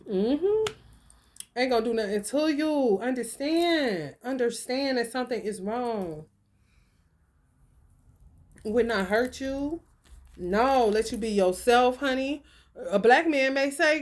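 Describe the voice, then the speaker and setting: A woman's voice: on the high side, very animated, slow pace, darkish tone, a little hiss or hum. A woman hosting a casual livestream and reading oracle cards. She swears freely, laughs often and talks straight to her viewers.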